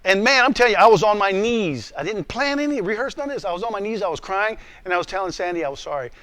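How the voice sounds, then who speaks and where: A man in his role as pastor teaching a class, earnest and animated, often stammering and repeating words. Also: sits high, fast, no echo. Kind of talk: emotional teaching talk. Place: room with a class.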